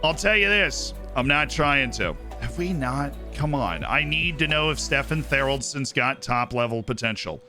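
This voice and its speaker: A man's voice: medium pitch, sharp tone. A man streamer giving casual, upbeat commentary on his game and thanking viewers by name. He is tired and his voice is starting to go.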